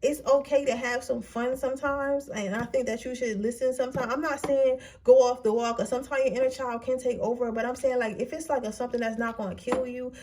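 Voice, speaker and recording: Brief: young female tarot reader, high pitch, blunt and slangy, noisy recording. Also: brisk, hardly any pauses. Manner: blunt, profane, slangy, animated. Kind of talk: casual pick-a-card tarot reading.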